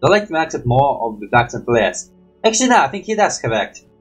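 A man's voice: medium pitch, sing-song, fast, breathy edge, soft background music. A man with a slightly stuffy nose rambling casually through a reaction video, thinking aloud and swearing now and then.

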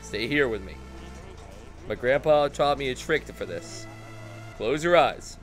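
A man doing a soothing calm young guy. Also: mid-range voice, measured pace, soft background music, natural voice.

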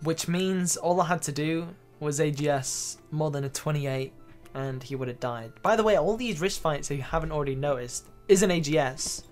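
Excitable gamer over faint music. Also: male voice, on the high side, moderate pace. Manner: excitable, swears freely, loud exclamations. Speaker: gaming YouTuber. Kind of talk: gameplay commentary. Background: faint background music.

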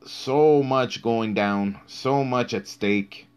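A man's voice: mid-range voice, extremely slow, a little mellow, smooth. Blunt, foul-mouthed man talking boxing. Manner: blunt, heavily profane, emphatic. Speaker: boxing talk show host. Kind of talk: live-streamed casual commentary.

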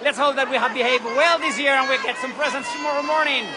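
A travel vlogger, a woman, gives excitable live commentary at a street parade outdoors and shouts out greetings and names. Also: high voice, fast. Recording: outdoor crowd noise. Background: cheering crowd and street noise.

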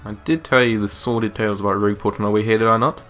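A man's voice: on the low side, fairly even intonation, racing, fairly bright tone, faint music behind, lightly acted. A man voicing a formal, deferential sailor speaking to a passenger on a boat. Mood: courteous. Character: courteous ship sailor addressing a passenger.

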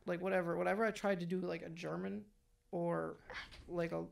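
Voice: mid-range voice, level tone, fairly quick, vocal fry. A podcast co-host chatting loosely and rambling a little while asking questions. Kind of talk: casual podcast chat.

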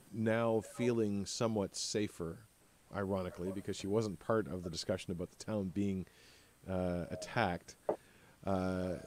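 Man, game master, tabletop narration, halting, fillers and repeats, lowish voice. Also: darkish tone, slight background noise.

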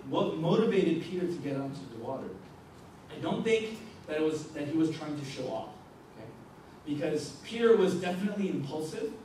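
A man's voice: a little high, a little mellow, slight background noise. Echoey, distant young male youth pastor. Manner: conversational, checks in with "okay?" and "right?". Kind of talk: youth sermon reading and explaining scripture. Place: youth ministry meeting room. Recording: echoey room from far off.

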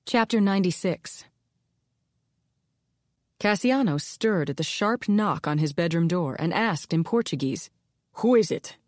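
A woman narrating an audiobook in a measured, expressive reading. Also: lowish voice, dry recording, clean studio sound. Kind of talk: scripted narration.

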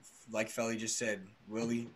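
A tired man talks quietly about hockey in a podcast chat. His voice is low and flat. He stops and restarts often. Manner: halting, soft-spoken, many restarts. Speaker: podcast co-host.

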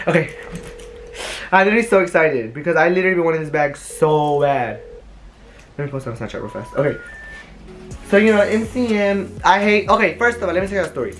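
A young adult vlogger in a casual chat, showing off new purchases at home and telling stories in a rambling, animated way. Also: mid-range voice, fast talker, long pauses. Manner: chatty, rambling, animated storyteller. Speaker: vlogger showing a shopping haul. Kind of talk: casual haul vlog chat. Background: faint music.

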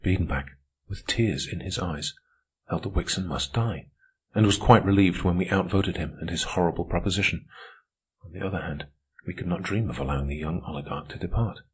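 A man reading an audiobook as narrator, in a measured, steady way. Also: sits low, breathy edge. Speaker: audiobook reader. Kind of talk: scripted narration.

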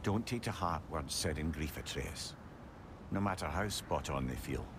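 An actor playing a grim, weary warrior father in a video game, speaking slowly and tersely with a deep gravelly voice. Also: expressive, background noise. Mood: gruff consoling. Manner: slow, terse, heavy-spoken.

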